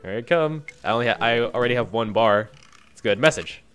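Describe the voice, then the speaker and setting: A man hosting a let's play video, chatting excitably and stumbling over his words as he decides. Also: medium pitch, fairly quick. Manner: excitable, stammers when deciding. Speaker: gaming video host.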